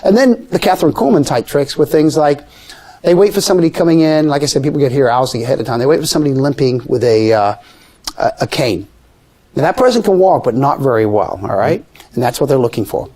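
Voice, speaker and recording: A man tells a story in a relaxed interview, his voice sitting at a mid pitch. He is animated and brings the people in his tale to life by jumping up in pitch when he quotes them. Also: quick pace. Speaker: guest storyteller. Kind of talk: conversational storytelling.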